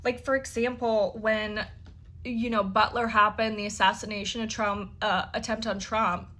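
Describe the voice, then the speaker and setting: A woman's voice: medium pitch, flat delivery, normal speed, sharp tone. A woman telling a personal story casually, full of "like" fillers and freely swearing. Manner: chatty, heavy use of "like" fillers, swears freely. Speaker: interview guest.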